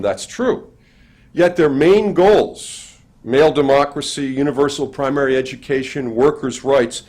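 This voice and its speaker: Older man, panel lecture, measured delivery, dry humor, mid-range voice. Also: mid-range voice, darkish tone. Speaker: panel speaker. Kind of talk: academic lecture.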